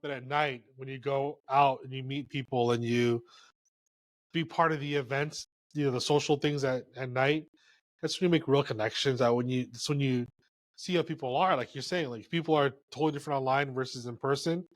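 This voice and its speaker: A man, a photographer guesting on a podcast, who talks in a relaxed and frank way with lots of filler words. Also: medium pitch, fairly quick, dry recording. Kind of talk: casual podcast chat.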